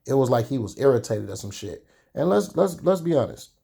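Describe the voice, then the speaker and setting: A young man talks candidly to his vlog viewers. His voice is mellow and warm at an ordinary pitch. He tells his story in a chatty way, with drawn-out pauses. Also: big pitch swings, vocal fry, breathy edge. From Chicago. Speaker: sneaker vlogger.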